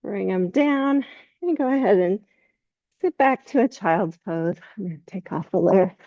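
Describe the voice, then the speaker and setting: A woman teaching a yoga class, giving slow, calm cues with soft laughs between poses. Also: mid-range voice, no room sound, lo-fi sound. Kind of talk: guided yoga class instruction.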